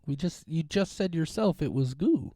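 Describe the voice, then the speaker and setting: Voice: medium pitch, animated, moderate pace, warm tone, no room sound, clean studio sound. Playful teasing podcast co-host. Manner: playful, teasing, laughs often. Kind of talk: casual podcast banter.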